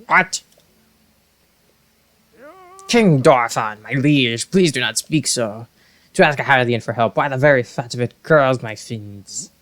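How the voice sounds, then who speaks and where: A man's voice: mid-range voice, measured pace, pauses often, fairly bright tone, close to an everyday voice. A man voicing a stern, distrustful elderly male fish-folk adviser in a video game, speaking in a huffy, protesting way.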